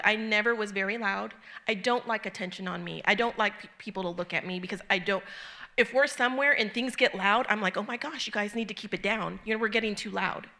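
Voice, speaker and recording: Bright-voiced woman giving an informal sermon. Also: medium pitch. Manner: conversational and earnest, with frequent ums and restarts. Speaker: church speaker teaching a group. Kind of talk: informal sermon with personal story.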